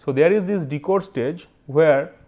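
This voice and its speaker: A male university lecturer with an Indian English accent walks through technical material step by step, often pausing to ask "right?". His voice sits a little high for a man. The recording sounds dull and lo-fi. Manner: explanatory, with frequent "right" and restarts.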